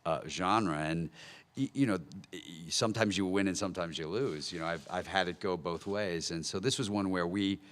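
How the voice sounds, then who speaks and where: A man directing a film, answering press questions in a relaxed, wry, understated way at a table microphone. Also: low-pitched, normal speed. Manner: wry, dry understatement with small laughs. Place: press conference hall.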